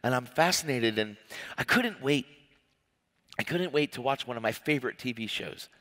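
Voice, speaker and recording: A man preaching a personal testimony sermon, telling his story in an animated, emotional way with many restarts. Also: medium pitch, moderate pace. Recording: long hall reverb.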